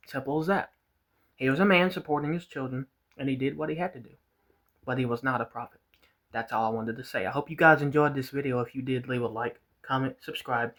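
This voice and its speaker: A man's voice: mid-range voice, a bit bright. A man vlogging a casual, rambling rant, repeating himself and swearing as he talks. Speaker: vlogger reacting to a video. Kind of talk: casual ranting commentary.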